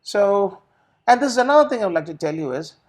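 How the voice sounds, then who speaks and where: A man's voice: high-pitched, big pitch swings, quick pace. Man explaining patiently. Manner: explanatory, repeats words and restarts often. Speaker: IELTS trainer. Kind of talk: teaching in a recorded Q&A session.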